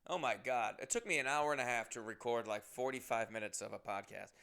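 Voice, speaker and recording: A man hosts his podcast with a smooth, resonant voice. He talks to his listeners in a playful, rambling, self-mocking way, joking along as he goes. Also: mid-range voice, fairly quick, pushed and bright. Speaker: podcast host. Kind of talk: casual comedic monologue.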